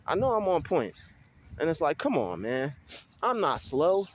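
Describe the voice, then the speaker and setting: A young man vlogging on his phone while walking outdoors in a field, talking in an animated, ranting way with many restarts. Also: fairly high pitch, a little slow. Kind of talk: casual vlog monologue. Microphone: phone held while walking.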